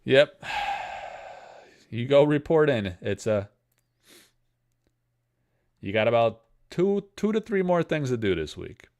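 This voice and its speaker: A man's voice: mid-range voice, big pitch swings, takes it slowly, pauses often, darkish tone. A man hosting a casual livestream, joking and rambling while he reads chat comments aloud. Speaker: livestream host selling card breaks.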